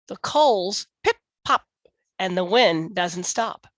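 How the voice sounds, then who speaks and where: A woman reading a children's picture book aloud in a slow, expressive, sing-song way. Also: medium pitch, no room sound. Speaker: storyteller.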